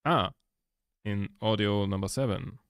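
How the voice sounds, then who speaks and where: Casual male streamer, lowish voice, dry close sound, rambly and profane. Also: unhurried, clear, resonant tone, no room sound. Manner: rambling, swears a lot, laughs often. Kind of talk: casual chat while editing. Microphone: laptop microphone.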